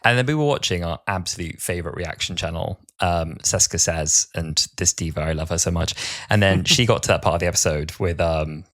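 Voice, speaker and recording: A man in his twenties co-hosting a podcast, chatting casually and acting out what others said in lively retellings. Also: deep voice, fairly quick. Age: 20s. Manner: chatty, acts out others' words in animated retellings. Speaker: podcast co-host. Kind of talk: casual chat.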